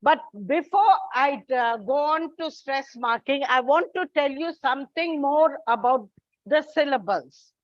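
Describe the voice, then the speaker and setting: A woman teaching an English lesson in a high, unhurried voice, walking through examples one at a time. The sound is dry and a little dull, like a lo-fi classroom recording. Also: dry recording. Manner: slow, deliberate explaining with spelled-out examples.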